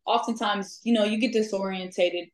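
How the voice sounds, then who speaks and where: A woman's voice: mid-range voice, moderate pace. A woman chatting casually as a guest, telling her stories with plenty of laughs and "um"s along the way. Her voice sits in a middling range, and the room around her is echoey. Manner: lively, laughs often, many "um" fillers. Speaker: guest, amateur ghost hunter. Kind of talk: casual storytelling chat.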